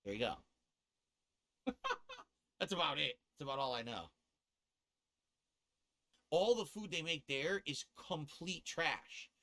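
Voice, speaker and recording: A man's voice: a little high, expressive, takes it slowly, long pauses, pushed and bright. A man from the US East Coast ranting and cursing on a casual live stream, laughing at himself as he goes.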